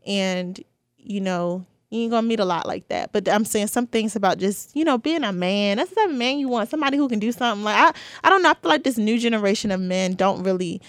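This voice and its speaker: Young woman just chatting on her podcast, lots of like and you know, pretty mid-pitched, dry room. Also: lively intonation, fast, no echo. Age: 20s. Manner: chatty, candid, many "you know" and "like" fillers. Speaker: podcast host. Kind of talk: casual solo podcast talk.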